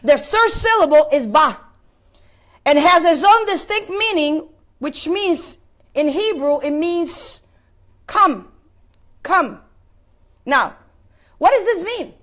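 A woman's voice: very high-pitched, animated, takes it slowly, pauses often, a bit bright. A woman preaching a sermon, asking the congregation questions and repeating words as she searches for the next phrase. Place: place of worship.

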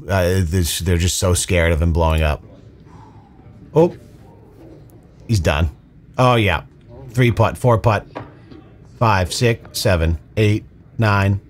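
A man's voice: on the low side, lively intonation, takes it slowly, pauses often. A man hosting a reaction video, riffing on clips with sarcastic, mock-serious rants. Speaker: commentary video host.

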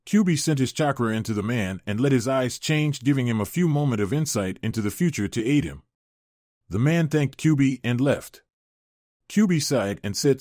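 A man reading fan fiction aloud in a steady, matter-of-fact way. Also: mid-range voice, a little fast, no room sound, clean studio sound. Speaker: narrator.

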